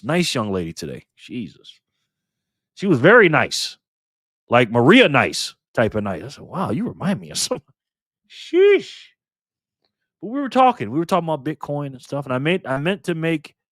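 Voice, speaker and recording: A man's voice: mid-range voice, a bit bright, no room sound, studio quality. An older man hosting a live stream in a casual, chatty way, thanking viewers by name and swearing now and then.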